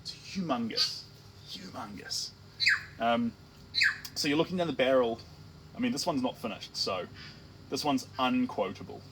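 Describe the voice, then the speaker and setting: A man's voice: mid-range voice, a little slow, long pauses, very noisy. A man with a New Zealand accent, an artist chatting casually on a livestream while he paints, rambling and playful. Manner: rambling, playful, full of restarts and tangents.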